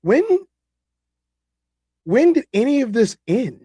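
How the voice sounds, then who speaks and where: A man's voice: very high voice, slow pace, slightly rough, dry recording. A man hosting a live reaction stream, laughing, talking to his chat and reading their comments aloud. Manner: animated, laughing, talks to chat. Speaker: streamer host reacting to a video.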